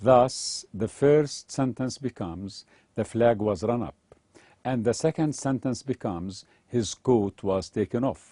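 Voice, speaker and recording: A man teaching English grammar, reading a scripted lesson and example sentences aloud in a measured way. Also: medium pitch, dark tone, no echo, clean studio sound.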